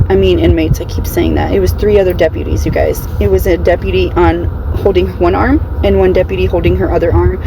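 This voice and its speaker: Gravelly chatty woman telling a story. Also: on the low side, noisy background. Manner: chatty, keeps saying "you guys"; nervous. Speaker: TikToker recounting a jail visit. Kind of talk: storytelling vlog.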